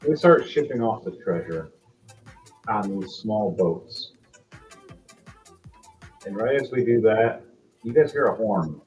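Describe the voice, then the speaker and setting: A man narrating as game master in a relaxed, conversational way, with quick asides to the players. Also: fairly low pitch, muffled recording, faint music behind.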